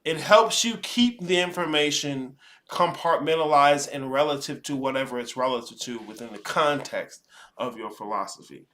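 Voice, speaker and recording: A man's voice: medium pitch, normal speed, a bit bright. A man hosting commentary, lecturing bluntly and swearing freely. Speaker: host. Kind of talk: commentary over a played podcast clip.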